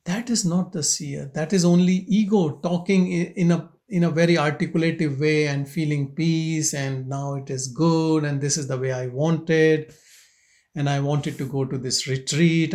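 A man leading a spiritual satsang, speaking slowly and contemplatively, asking questions and leaving long pauses. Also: on the high side, fairly even intonation, darkish tone. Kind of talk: slow contemplative spiritual talk. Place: meditation centre hall.

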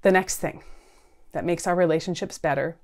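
A woman counsellor in her thirties talks earnestly to camera, her voice sitting a touch low for a woman. She speaks in a conversational way, checking in with the listener and leaning on casual fillers. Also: normal speed, a little mellow. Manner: earnest, conversational, frequent "right?" and "like". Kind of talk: talking-head advice video.

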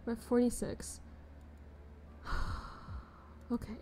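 Greeting her audience with pet names, a young woman keeps up bubbly, casual chatter on her game live stream. The voice is mellow and on the high side, moving at a measured pace over faint background noise.

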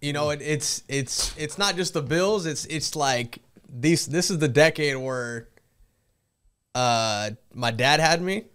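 A man's voice: a little high, slow pace, fairly bright tone, smooth. A man in his thirties talking reflectively in a casual chat, hesitant and restarting his sentences. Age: 30s.

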